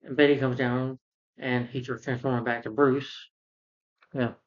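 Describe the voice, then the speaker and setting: A man's voice: mid-range voice, level tone, moderate pace, dull audio. A man giving a casual, rambling film review, retelling scenes and acting out characters.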